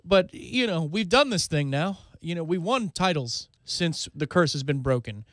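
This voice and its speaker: A man's voice: fairly high pitch, lively intonation, normal speed, fairly bright tone, no room sound, clean studio sound. A man from Florida co-hosting sports talk radio, chatting casually and wryly about baseball. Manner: wry, puts on fan voices.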